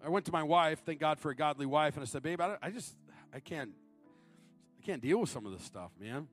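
A man in his thirties preaching a sermon, moving between loud, high-pitched appeals and low, confiding storytelling. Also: lively intonation, fairly quick, faint music behind. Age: 30s. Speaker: guest preacher.

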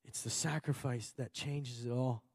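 A husky, darkish male voice of medium pitch delivers a sermon a little slowly, with fairly even intonation. He is a Minnesota pastor, earnest and emphatic, repeating phrases often and laughing occasionally. The clean studio sound has no echo.

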